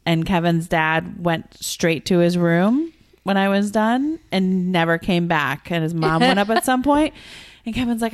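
A woman in her forties chatting casually, telling a story bluntly with quick asides. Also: on the low side, expressive. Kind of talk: casual chat.

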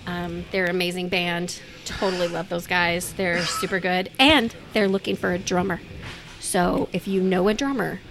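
A woman hosting a podcast in casual chat, chatty and quick to laugh. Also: fairly low pitch, a bit bright. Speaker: podcast host.

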